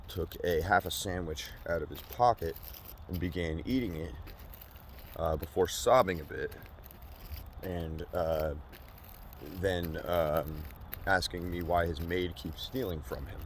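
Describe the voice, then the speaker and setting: Deep-voiced guy doing a deadpan comedy rant outside, lots of ums, gets loud. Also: slight background noise. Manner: rambling and halting at first, building into a loud rant. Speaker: comedic vlogger. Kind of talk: deadpan satirical monologue. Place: outdoors by a store parking lot.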